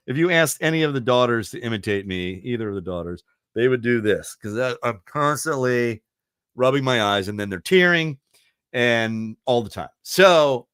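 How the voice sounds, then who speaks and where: Expressive man in his fifties, rambling, self-deprecating host chatter, pitch rising and falling a lot, dry close sound with no room. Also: smooth, no echo. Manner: rambling storyteller, laughs easily, self-deprecating. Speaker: radio show host. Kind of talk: casual chat.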